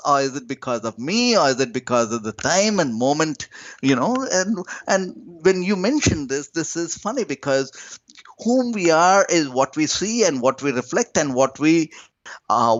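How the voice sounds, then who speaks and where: A man speaking as a spiritual teacher and podcast guest. He teaches slowly and emphatically, lifting and dropping his voice in pitch and loudness from phrase to phrase. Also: lively intonation, dry recording, dull audio. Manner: slow, emphatic, lilting with sudden rises and drops in pitch and loudness.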